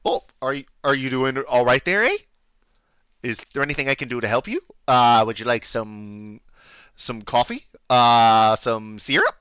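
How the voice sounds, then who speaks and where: Man playing a friendly tavern keeper, mock Canadian accent, bright and chirpy, dry close sound. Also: mid-range voice, normal speed, clean tone, no echo, dull audio, lightly acted. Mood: fussing. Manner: chirpy, tacks "eh" onto lines. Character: cheery overfriendly male innkeeper.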